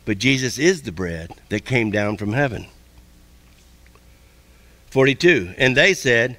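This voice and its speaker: A man preaching a sermon as pastor, folksy and repetitive, with quick asides to the congregation. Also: medium pitch, animated, pushed and bright, no echo.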